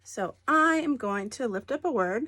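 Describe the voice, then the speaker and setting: A woman teacher explaining a spelling lesson to children, stressing words slowly and deliberately. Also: on the high side, expressive, bright, forceful tone, dry recording.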